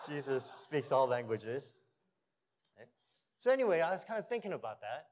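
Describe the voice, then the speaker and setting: A man preaching a sermon as pastor of his church, animated, rising to emphatic peaks and dropping to a low storytelling voice. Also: moderate pace, pauses often.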